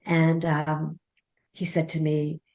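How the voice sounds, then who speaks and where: A woman's voice: low-pitched, monotone, slow, a little mellow. A middle-aged woman, a parenting author guest, telling a story animatedly and acting out the dialogue. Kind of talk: conversational storytelling interview.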